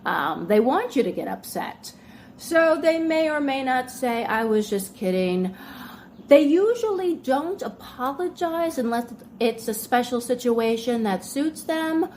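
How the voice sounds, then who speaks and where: A woman's voice: high voice, expressive, a little slow, darkish tone, slight background noise. A woman hosting a video, explaining in a casual, conversational way with many fillers and acting out example lines. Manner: conversational, filler-heavy, acts out example dialogue. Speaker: video host.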